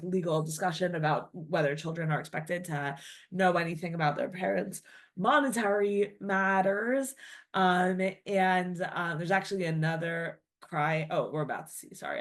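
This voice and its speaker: A woman teaching a classic text, reading lines aloud and then explaining them in loose, chatty English full of "like". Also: on the low side. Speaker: Torah teacher. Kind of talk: casual text-study lesson.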